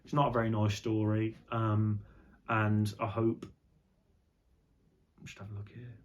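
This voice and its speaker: A man's voice: on the low side, flat delivery, unhurried, lo-fi sound. A young man chatting casually on an unscripted vlog, rambling and jokey, with some swearing. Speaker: vlogger.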